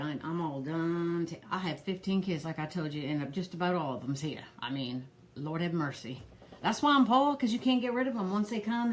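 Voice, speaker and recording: A woman's voice: fairly low pitch, slight background noise, natural voice. A woman putting on a rambling old granny. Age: older. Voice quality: folksy drawl, rambling. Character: poor old Southern granny, harried and gossipy. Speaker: pearl party host. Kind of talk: comedic character live stream.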